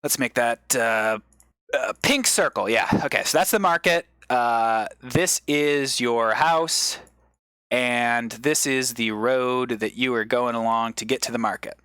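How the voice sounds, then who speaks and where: A man's voice: mid-range voice, unhurried, smooth, no echo. Dry-sounding rambling comedian man lecturing. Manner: rambling explainer with excited bursts. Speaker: comedian streamer. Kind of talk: improvised mock lecture on a live stream.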